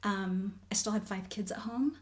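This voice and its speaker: Woman, forties, conversational storytelling, candid, earnest, middle pitch, hushed near-whisper for emphasis. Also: normal speed. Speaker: guest.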